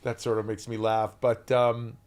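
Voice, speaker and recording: A man in his fifties from the US East Coast, a guest actor chatting on a podcast and telling stories in an animated, rambling way. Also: lowish voice, moderate pace. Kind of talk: casual podcast chat.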